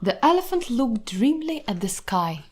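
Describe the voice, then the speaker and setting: A woman reading a children's fairy tale aloud as narrator, in an expressive storybook manner. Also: on the high side, moderate pace, breathy edge.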